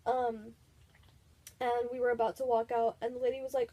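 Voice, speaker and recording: Chatty young woman vlogger, kinda high voice but mellow, lots of likes and ums. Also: little pitch movement, normal speed, long pauses. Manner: chatty, giggly, lots of filler words. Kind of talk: casual storytime.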